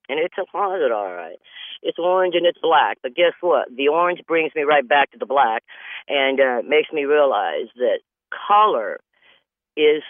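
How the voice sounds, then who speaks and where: A man's voice: on the high side, no echo. Rambling comic man on a tinny line. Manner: rambling and loose, jumps between bits and acted-out voices. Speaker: comedian. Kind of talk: rambling stand-up monologue. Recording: dry, tinny phone-line sound.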